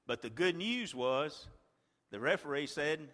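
A man preaching a sermon, retelling a story like a play-by-play and swinging from a hush to a shout. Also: on the high side, expressive, a little slow, in a large hall.

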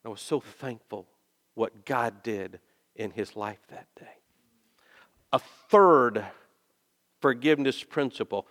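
A male pastor preaching a sermon and telling stories, dropping soft and then rising into loud, emphatic bursts. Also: mid-range voice, slow pace, pauses often. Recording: long reverb of a large hall.

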